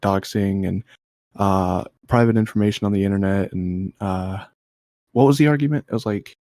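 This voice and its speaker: A man's voice: fairly low pitch, normal speed, dark tone, dry recording, clean studio sound. A man co-hosting a casual podcast, throwing in jokes and sarcastic remarks. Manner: joking, sarcastic. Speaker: podcast co-host.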